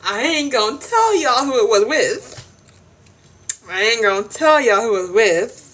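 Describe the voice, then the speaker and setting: A woman's voice: a little high, sing-song, normal speed, a bit bright. A young woman chatting casually on a live stream, giggling, teasing and repeating herself. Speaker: TikTok livestreamer.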